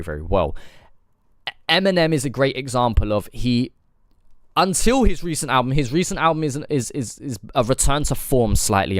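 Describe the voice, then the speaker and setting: A man's voice: on the low side, dry recording, studio quality. A man on a live stream reviewing new rap songs, thinking aloud and repeating lyrics to pick apart their rhymes. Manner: analytical, thinks aloud with fillers, repeats lyrics to break them down. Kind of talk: casual live-stream music reaction and breakdown.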